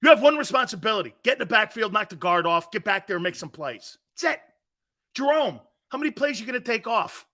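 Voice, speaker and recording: A man putting on a gruff older football coach who barks and berates his players. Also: high-pitched, big pitch swings, fast, bright, forceful tone, pitched above the performer's own voice, heavily acted. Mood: berating. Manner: barking, berating.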